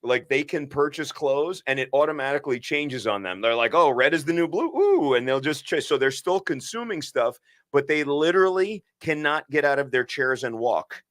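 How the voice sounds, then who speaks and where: An earnest man talks on a podcast at a middle pitch, leaning hard into his points and often breaking off to start again. The recording is dry and close, with no room sound. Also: lively intonation, normal speed, a bit bright, no room sound. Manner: earnest and emphatic, with many restarts and asides. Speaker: podcast co-host and physician. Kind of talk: impassioned podcast conversation.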